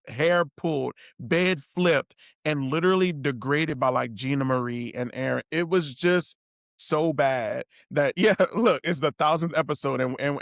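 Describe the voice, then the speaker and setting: Animated gravelly-voiced man recapping. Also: mid-range voice, dry recording, studio quality. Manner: animated, quotes people in raised voice. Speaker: podcast co-host. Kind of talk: casual recap chat.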